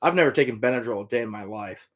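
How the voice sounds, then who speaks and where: Racing along in a medium-pitched, fairly bright voice, this middle-aged Iowan livestream host, a trapper and hunter, answers viewer comments. He's easygoing and rambling, using lots of fillers.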